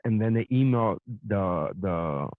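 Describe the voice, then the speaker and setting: A man's voice: lowish voice, slow pace, no room sound. Profane man ranting on a tinny line. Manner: profane, animated storytelling. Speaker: podcast host. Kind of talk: casual storytelling rant. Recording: dry, phone-like narrow sound.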